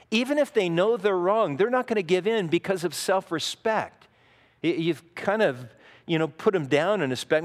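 A man preaching a sermon as a pastor, teaching in an earnest, conversational way with frequent asides. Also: high voice. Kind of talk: expository sermon. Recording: long reverb of a large hall.

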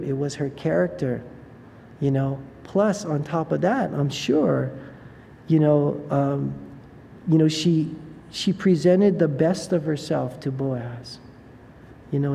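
Gravelly-voiced man preaching in a hall. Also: a little high, mellow, a little hiss or hum. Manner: conversational, filled with "you know" asides and restarts. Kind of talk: sermon.

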